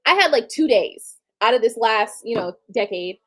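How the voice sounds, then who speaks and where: A woman in her late thirties talks straight to her live-stream viewers, blunt and candid, dropping curse words without a second thought. Her voice sits a touch higher than most women's. She keeps it loose and conversational, like a personal monologue. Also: animated, normal speed. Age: late 30s. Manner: blunt, candid, swears casually. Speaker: livestream host.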